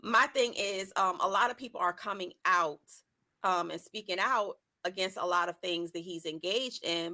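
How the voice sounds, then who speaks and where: Bright-voiced chatty woman co-host. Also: lowish voice, moderate pace. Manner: chatty, filler-heavy, lively. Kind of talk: casual talk-show debate.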